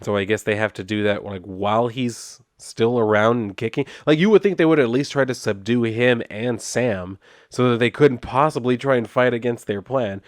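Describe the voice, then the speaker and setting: A man's voice: medium pitch, normal speed, no room sound, clean studio sound. Sarcastic, exasperated man reviewing comics. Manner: sarcastic and exasperated, with rambling fillers. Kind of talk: casual recap and review.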